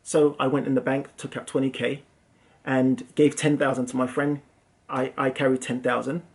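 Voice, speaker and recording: A young English man, a property investor and channel host, telling a story for his vlog in an animated, self-mocking way. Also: medium pitch, moderate pace. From England.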